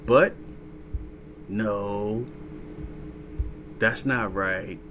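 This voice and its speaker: A man hosts a casual reaction commentary in a mid-pitched voice, rambling and swearing freely. He keeps prodding the listener with "right?" and "huh?". Steady noise hums behind him. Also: a little slow. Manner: profane, rambling, asks "right? huh?" over and over. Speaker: host reacting to a clip.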